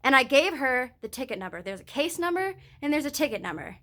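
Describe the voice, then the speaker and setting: A woman's voice: high voice, fast talker. A young woman vlogging into a hand-held phone, telling a rambling story full of casual swearing. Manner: profane, rambling, animated storytelling.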